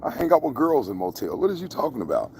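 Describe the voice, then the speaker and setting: A man's voice: medium pitch, very animated, quick pace, vocal fry, darkish tone, slight background noise. A man casually rambling to his viewers outdoors in the country, joking and cursing freely. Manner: profane, joking, talks to viewers. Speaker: vlogger. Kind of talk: casual rambling livestream vlog.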